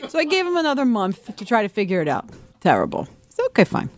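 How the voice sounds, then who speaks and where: A woman's voice: mid-range voice, huge pitch swings, fast talker, a little hiss or hum. A woman co-hosting a talk show, telling stories in a teasing, bossy way. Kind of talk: studio banter and anecdote.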